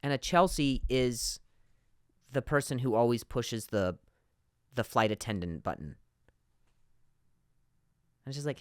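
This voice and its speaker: A man hosting a comedy podcast, ranting in an animated monologue with frequent stutters and asides. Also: mid-range voice, unhurried, pauses often, clean tone, no room sound, clean studio sound.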